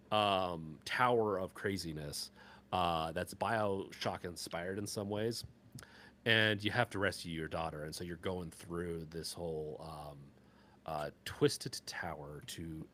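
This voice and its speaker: Man, low voice, lively pitch, rambling casual gaming chat, lots of fillers. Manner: rambling, halting, many fillers and restarts. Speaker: podcast co-host.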